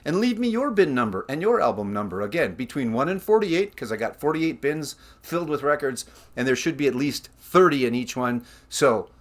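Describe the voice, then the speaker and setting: A man's voice: medium pitch, animated, fairly quick. A Canadian man hosting his own record-collecting vlog, chatting casually with rambling asides about the albums he shows. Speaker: record collector channel host.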